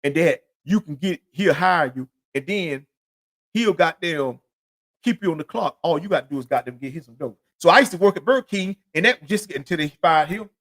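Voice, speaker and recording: A man's voice: fairly high pitch, lively intonation, moderate pace, a bit bright. A man hosting his own podcast alone, telling rambling, profane street stories in loose, casual slang. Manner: rambling, repeats "you know what I'm saying". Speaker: podcast host. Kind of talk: solo podcast monologue.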